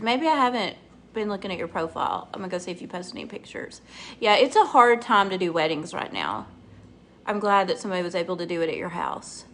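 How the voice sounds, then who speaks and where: A woman's voice: medium pitch, big pitch swings, a little fast, vocal fry, fairly bright tone, a little hiss or hum. Middle-aged lady rambling through her makeup tutorial, chatty, laughs a lot, talks to viewers by name. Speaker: makeup vlogger. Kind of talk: casual makeup tutorial chat.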